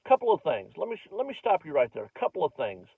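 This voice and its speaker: A man's voice: high-pitched, wildly swooping pitch, fast talker, slightly rough, no echo. A middle-aged male comedian spins a casual, rambling story full of self-mocking detours. The sound is bone dry with no room around it, and thin and tinny like a phone line. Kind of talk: casual comic storytelling to camera. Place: home recording, not a stage.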